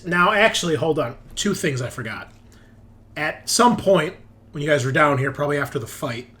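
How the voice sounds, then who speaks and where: A man's voice: medium pitch, fairly bright tone. A man narrating as game master of a tabletop game, casual, joking and profane.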